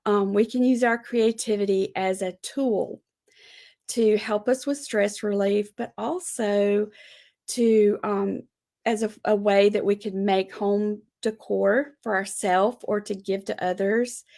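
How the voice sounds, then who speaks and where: A woman's voice: medium pitch, fairly even intonation, slow pace, vocal fry, dark tone. Middle-aged woman, friendly art teacher, chatty live demo. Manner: friendly, chatty, showing items to camera. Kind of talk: casual live demonstration.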